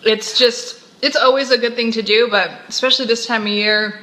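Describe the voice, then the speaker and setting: Bubbly woman wellness co-host, crisp bright tone, chatty delivery. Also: on the high side, steady tone, normal speed, poor audio. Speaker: co-host, integrative health practitioner and yoga teacher. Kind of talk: casual live show chat.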